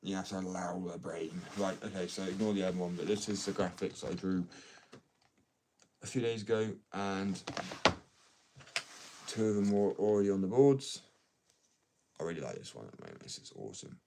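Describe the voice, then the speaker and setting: Low-voiced man rambling on a stream. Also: normal speed, gravelly, long pauses. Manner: rambling, excitable, self-mocking. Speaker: skateboard maker live-streaming to chat. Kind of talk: casual live-stream chat. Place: workshop. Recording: distant mic, faint noise.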